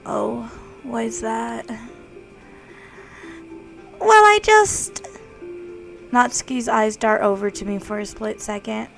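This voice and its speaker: A woman voicing a prickly, defensive teen girl who talks shrill and loud and snaps quickly. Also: vocal fry, soft background music, exaggerated voice. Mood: flustered, defensive. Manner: shrill, shouting, quick to snap.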